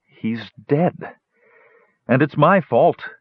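Guy doing an anguished young dwarf, pitched up a bit, husky, dull dry sound. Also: lively intonation, extremely slow, no echo, exaggerated voice. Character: young male dwarf, grieving and guilty.

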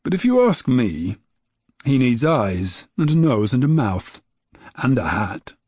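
Brief: a friendly farm father, read by a man, husky, dry close sound, storybook. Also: medium pitch, very animated, measured pace, no echo. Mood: fond. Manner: plain, chatty, warm-hearted talk. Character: farm father, gruff then fond. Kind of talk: storybook reading.

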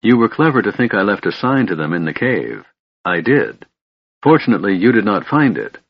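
A man's voice: on the low side, sing-song, brisk, gravelly, husky, no echo, heavily acted. A man reading the part of a secretive young female wilder elf, earnest and pleading, in an audiobook. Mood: defiant. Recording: muffled lo-fi recording.

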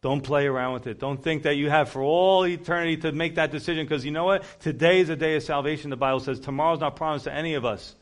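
A man's voice: a little high, steady tone, fast talker, few pauses. A man preaching an earnest, urgent evangelistic sermon.

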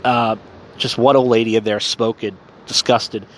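Drunk guy rambling on his podcast outside on a city street at night, crude and self-mocking, mid-pitched voice, faint traffic hum behind. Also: level tone, normal speed. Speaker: podcast host. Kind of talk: casual rambling podcast monologue, live streamed.

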